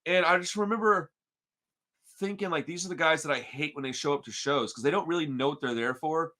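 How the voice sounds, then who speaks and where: A man from Texas spins a story in casual podcast chat with a fairly high, forceful and bright voice. He is slangy and animated, and he leans on dude and bro at almost every turn. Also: brisk. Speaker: podcast co-host.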